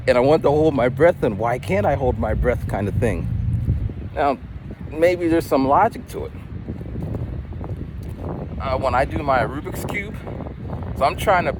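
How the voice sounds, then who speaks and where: Vlogger man, lively pitch, street traffic audible behind a phone recording. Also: normal speed, long pauses. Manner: chatty, storytelling, animated. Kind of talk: casual vlog monologue. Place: outdoors on city streets. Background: traffic and street noise.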